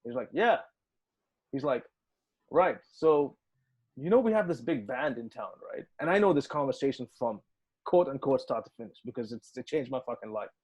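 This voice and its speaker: Here a man talks fairly quickly in a mid-range voice with a breathy edge. The musician guest, from the United Arab Emirates, spins a story in a casual interview, cursing freely and acting out what each person said with lots of energy.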